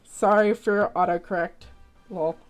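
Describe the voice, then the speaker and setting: A woman's voice: mid-range voice, fairly even intonation, a little slow, soft background music. A woman streamer chatting casually on a live stream, rambling, swearing freely and laughing often.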